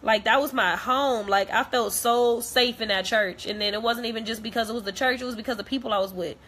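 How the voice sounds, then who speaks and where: A woman's voice: fairly high pitch, brisk, a bit bright, a little hiss or hum. A young woman talking straight to camera, blunt and heated, repeating herself as she vents. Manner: blunt, repetitive, heated, profane. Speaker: vlogger. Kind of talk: direct-to-camera rant.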